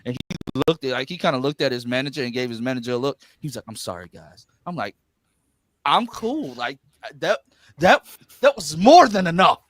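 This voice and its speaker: A man excitedly telling a convention story in casual chat on a live stream, stumbling over restarts. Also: medium pitch, fairly quick. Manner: excited, animated anecdote telling with stammered restarts. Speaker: streamer panel guest.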